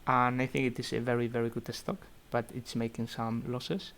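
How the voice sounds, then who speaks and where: A man's voice: medium pitch, completely flat delivery, normal speed, fairly bright tone. A young man on a video call thinking aloud as he reviews a student investment portfolio, with many fillers and restarts. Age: young adult. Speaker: student investment society organiser. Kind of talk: virtual meeting portfolio review. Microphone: computer mic on a video call.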